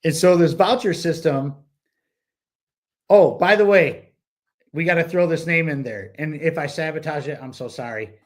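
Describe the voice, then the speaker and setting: A man's voice: a little high, normal speed. A man co-hosting a book club podcast, talking in a loose, rambling way with many fillers and restarts. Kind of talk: casual podcast discussion.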